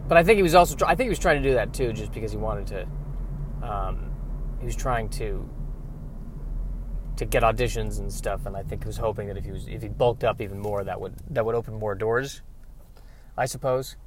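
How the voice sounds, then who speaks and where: A man's voice: fairly low pitch, a little fast, long pauses, noisy background. A man, an actor, chatting casually in a self-deprecating, rambling way while driving his car. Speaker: character actor.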